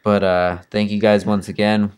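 A man's voice: fairly low pitch, little pitch movement, normal speed, darkish tone, smooth. A man hosting a podcast, chatting in a laid-back way and swearing freely. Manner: laid-back, swears freely, calls people dude and bro. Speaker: podcast host. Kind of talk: casual chat.

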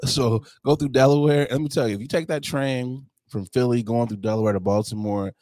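A co-host of a casual podcast who calls Detroit home tells travel stories briskly in a mid-range voice. He's an animated storyteller who laughs a lot and acts out other people's lines. The audio is studio quality with no echo.

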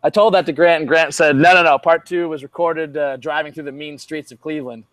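A man's voice: on the high side, fairly even intonation, fairly quick, a bit bright, no echo. A man co-hosting a casual sports podcast, rambling with many fillers and wry jokes. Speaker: podcast co-host.

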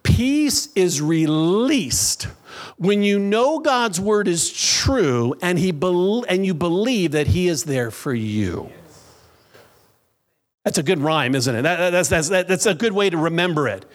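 A man preaching a sermon as pastor in a church, with slow, emphatic phrases and pauses. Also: high voice, lively intonation.

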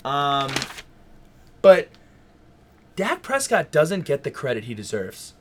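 A young man co-hosting a casual sports podcast, arguing his points with animated insistence and stammering when pressed. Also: a little high, slow. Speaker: podcast co-host.

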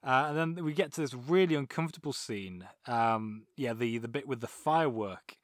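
A man, co-hosting a casual podcast and talking through a film with animated, mocking asides. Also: medium pitch, moderate pace, no echo, studio quality. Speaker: podcast co-host.

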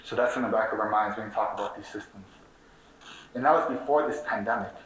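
A fast-talking young organizer from Chicago with Mexican roots gives a fiery, profane activist speech at a conference, asking the audience questions and repeating himself. His lowish voice is a bit bright, and the distant, roomy, dull recording has slight background noise.

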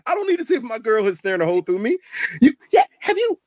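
A man co-hosting a casual podcast, animated and joking with lots of laughter and swearing. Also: very high voice, fast, no room sound, studio quality. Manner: animated, laughing, swearing, lively comic storytelling. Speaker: podcast co-host.

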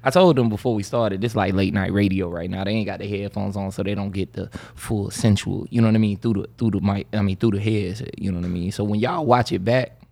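A man hosting a podcast, joking and laid-back, sometimes slipping into a mock-smooth late-night radio delivery. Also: fairly low pitch, steady tone, brisk, hardly any pauses, darkish tone. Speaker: podcast host. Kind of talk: casual podcast chat. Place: podcast studio.

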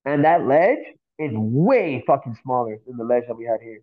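Animated swearing man telling a story. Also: medium pitch, moderate pace, phone-quality sound. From Miami, Florida. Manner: animated, swears a lot, acts out voices in stories. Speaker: guest. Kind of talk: casual storytelling.

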